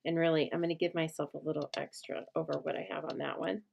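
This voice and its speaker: Chatty woman with a gravelly voice. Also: sits low, flat delivery, fast, a little mellow. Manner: chatty, teaching step by step, breaks off to talk to her dog. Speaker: host of live stamping show. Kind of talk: live crafting demonstration.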